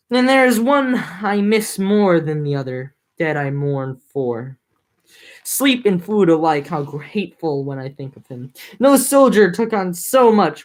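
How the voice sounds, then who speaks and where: Young woman, low-ish voice, casual reader who drops into slangy jokes. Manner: mixes reading with joking slangy recaps. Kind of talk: casual reading with comic summaries.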